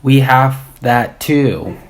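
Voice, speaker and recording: A man's voice: medium pitch, animated, very slow. A man voicing a firm, wisecracking woman teacher in a children's story.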